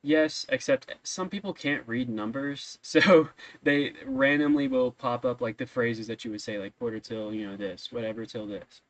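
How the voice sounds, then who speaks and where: A man running a tabletop game, describing scenes in a loose, rambling way full of ums. His voice is mid-pitched and ordinary. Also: normal speed, no echo, low-quality recording. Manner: casual, rambling, many ums. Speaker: game master.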